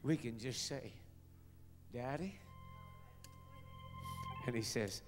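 A middle-aged pastor delivers a sermon in an unhurried, measured way, his voice sinking to near-whispers at tender moments. Music plays clearly underneath him throughout. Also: medium pitch, animated, long reverb tail. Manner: soft, intimate storytelling that drops to hushed whispers.

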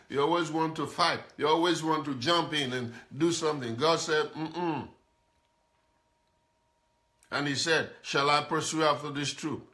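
A man's voice: on the high side, sharp tone. A man preaching a live-streamed sermon as pastor, emphatic and repetitive, calling out to viewers. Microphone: camera mic.

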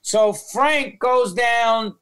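A man's voice: extremely high pitch, very slow, a bit bright, clear, resonant tone. Intense, blunt New York man. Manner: blunt, heavy swearing, emotional retelling. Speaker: podcast guest. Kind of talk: casual interview storytelling.

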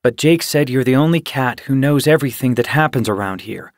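A man's voice: medium pitch, lively intonation, brisk, no echo, clean studio sound, natural voice. A man voicing a wary, guarded young warrior tomcat in an audiobook. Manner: guarded, tense.

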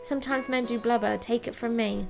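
A seafaring male turtle captain who sings to his passenger on a small boat in a cozy life-sim game. A woman reads his lines aloud in her own voice, which is a touch high with some vocal fry. There is no acted character voice. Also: fairly even intonation, brisk, over music. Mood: chatty.

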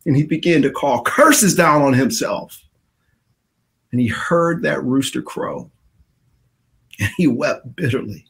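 A male pastor giving a dramatic sermon, swinging from shouting to hushed passages. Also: a little high, animated, slow, pauses often.

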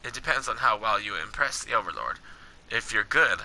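A man's voice: lowish voice, expressive, fairly quick, gravelly, bright, forceful tone, voice pushed down, exaggerated voice, rough recording. A man reading a friendly male fighter's lines plainly, without doing an accent. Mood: calm.

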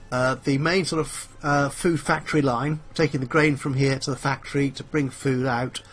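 A man's voice: on the high side, a bit bright, husky. A man hosting a let's play, thinking aloud with plenty of fillers in a chatty, self-mocking way. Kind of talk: casual game commentary. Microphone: headphones with a desk mic.

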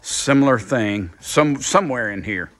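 A man's voice: medium pitch, animated, unhurried, a bit bright. An older man thinking aloud in a casual workshop vlog, rambling and repeating himself as he works. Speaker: car builder, channel host.

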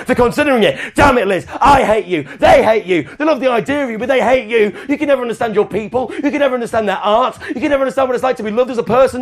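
A man's voice: extremely high pitch, voice pushed up. A man on stage voicing a vain, fragile elderly queen who craves her people's love, in a grandiose, frantic manner. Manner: grandiose, then frantic self-berating. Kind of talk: live comic performance poetry.

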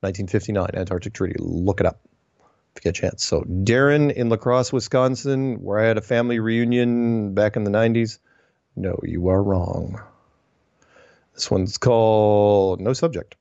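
A man's voice: fairly low pitch, normal speed, gravelly, darkish tone, dry recording, lo-fi sound. Wry man reading listener mail. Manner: wry, digressive, self-correcting, with puns. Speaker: host reading listener emails. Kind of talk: casual solo commentary.

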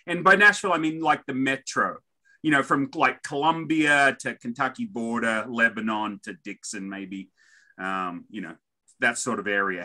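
A man's voice: mid-range voice, pushed and bright. A man with an Australian accent hosting an interview show, joking and rambling off on tangents before asking his question. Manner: jokey, rambling, self-interrupting. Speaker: podcast host. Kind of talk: casual interview intro.

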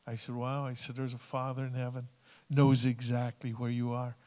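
A man's voice: medium pitch, monotone, normal speed, a little mellow. A man sharing stories in a church service in an earnest way, retelling phone calls and what people said to him. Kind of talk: storytelling sermon. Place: church sanctuary. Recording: long hall reverb.

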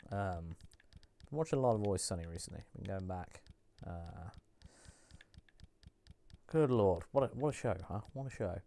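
A man's voice: low voice, gravelly, warm tone. Chatty man streaming a game. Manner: joking, chatty, mutters to himself. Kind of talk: casual gameplay commentary.

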